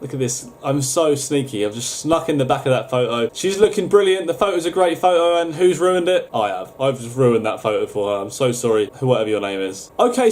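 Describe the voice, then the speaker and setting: Young man, casual rambling chat, slightly high voice, swears freely. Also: darkish tone. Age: young adult. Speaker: YouTuber.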